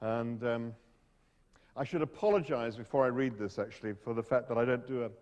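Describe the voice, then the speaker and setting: A man's voice: medium pitch, a little fast, darkish tone, long reverb tail. A man giving a humorous storytelling talk to an audience, wry and hesitant, often restarting his sentences. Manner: hesitant, self-interrupting, wry.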